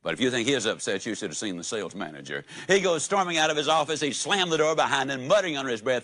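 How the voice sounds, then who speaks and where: A man giving a motivational talk that tells a story with animated swings in his delivery. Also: fast, hardly any pauses. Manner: animated storyteller with big swings in pitch and loudness. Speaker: motivational speaker.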